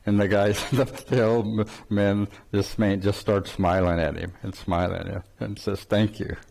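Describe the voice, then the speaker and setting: A man's voice: lowish voice, little pitch movement, normal speed, vocal fry, a little mellow. An older man giving an informal spiritual talk, telling a story with frequent chuckles and rambling restarts. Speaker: spiritual teacher.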